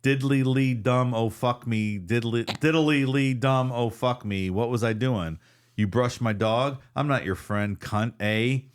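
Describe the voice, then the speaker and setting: A man's voice: medium pitch, measured pace, clear, resonant tone, lightly acted. A man voicing a foul-mouthed old male Outback brawler, rambling, boastful and swearing as he reads a transcript aloud.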